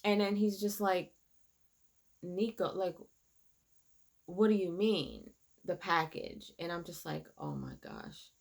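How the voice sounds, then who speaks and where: A woman in a casual episode recap, her voice sitting a touch low. She tells the story with animation, slipping into the characters' lines as she retells each scene. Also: fairly even intonation, slow, long pauses, a little mellow. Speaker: reviewer.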